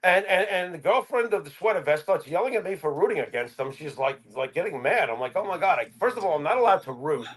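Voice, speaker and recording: Lively high-voiced man telling wrestling stories. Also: quick pace, few pauses. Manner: animated storytelling, acts out quotes with laughs. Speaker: podcast co-host. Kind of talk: casual chat.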